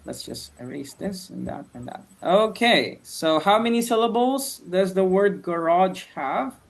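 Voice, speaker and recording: With an expressive, gravelly voice of middling pitch, a teacher conducts an English class online through a video call. The tone stays patient and supportive, and each student answer draws quick praise like "okay, very good."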